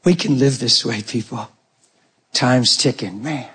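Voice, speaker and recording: A man's voice: medium pitch, measured pace, slight background noise. A middle-aged man preaching a sermon, telling family stories and acting out the voices of parents and children. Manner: animated storytelling, acting out family dialogue.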